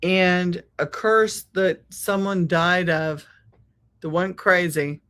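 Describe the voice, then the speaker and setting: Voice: medium pitch, fairly even intonation, slow pace, a bit bright, clean tone. A spiritual healer hosting a podcast, speaking in a reflective monologue with repetitive, emphatic phrasing.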